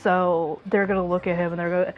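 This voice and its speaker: A woman's voice: on the low side, flat delivery, fast talker, dull audio, a little hiss or hum. A woman streamer giving casual, profane gameplay commentary and acting out the characters' reactions as jokes.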